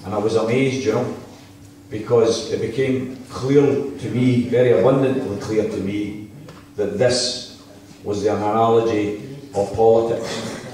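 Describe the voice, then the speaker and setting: A man's voice: lowish voice, steady tone, unhurried, dark tone, a little hiss or hum. A middle-aged Scottish man giving an impassioned campaign speech in a town hall, telling stories with jokes and asides. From Scotland. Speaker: political campaign speaker. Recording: echoey hall from far off.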